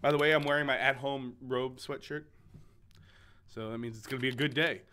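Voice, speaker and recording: A man's voice: medium pitch, steady tone, brisk, bright, forceful tone. A young man commentating a video game he plays, joking and rambling with stammered restarts, reading its text aloud. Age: young adult. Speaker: gaming video host.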